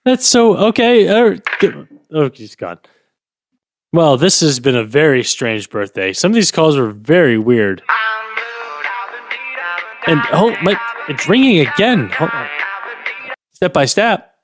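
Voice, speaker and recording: A man co-hosting a comedy podcast, playing the bewildered straight man with quick, questioning asides. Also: on the high side, very animated, faint music behind. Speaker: podcast co-host.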